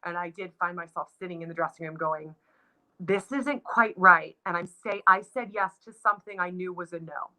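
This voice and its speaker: Bright-voiced woman dancer reflecting. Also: lowish voice, steady tone, fast, few pauses, rough recording. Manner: reflective, gets emotional, many restarts and likes. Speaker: guest, Broadway dancer. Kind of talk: casual interview chat.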